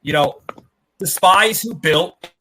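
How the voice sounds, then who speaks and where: A man's voice: high voice, takes it slowly, bright, forceful tone, rough recording. A man hosting a podcast in a casual, rambling way, full of fillers and swearing. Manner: rambling, many fillers and profanity. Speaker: podcast host.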